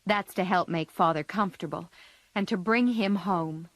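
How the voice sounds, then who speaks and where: A woman's voice: lowish voice, moderate pace, no echo, lightly acted. A woman voicing a spirited, impulsive teenage girl who speaks earnestly.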